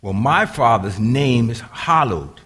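Husky older man preaching a sermon. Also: animated, slow. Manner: preaching with sudden swings from hushed asides to loud, high bursts. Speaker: pastor.

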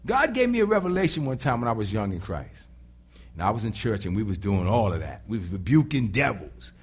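A man preaching a sermon in an animated, dramatic way, with sudden shouts and voices acted out. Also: fairly low pitch, normal speed, pauses often, breathy edge.

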